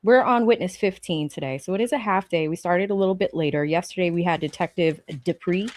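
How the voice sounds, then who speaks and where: A woman's voice: fairly low pitch, a little fast, a little mellow, a little hiss or hum. A woman hosting a live stream, chatting casually and profanely, rambling through anecdotes before turning to trial commentary.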